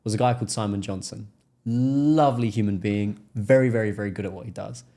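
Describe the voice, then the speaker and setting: An English man speaks as a podcast guest, his voice sitting a little low. He tells his story with energy and often acts out the people he is quoting. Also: fairly quick, warm tone. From England. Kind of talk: casual interview storytelling.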